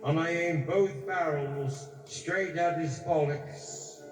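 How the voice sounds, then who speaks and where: A man telling crude jokes who slows down and drags out his punchlines. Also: on the high side. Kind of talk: crude stand-up joke telling. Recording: echoey room from far off, with music.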